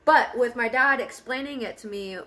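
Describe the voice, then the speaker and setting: A woman's voice: on the high side, moderate pace, sharp tone. A young woman telling a personal story in a casual car vlog, candid, laughing often and swearing freely. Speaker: vlogger. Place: parked car.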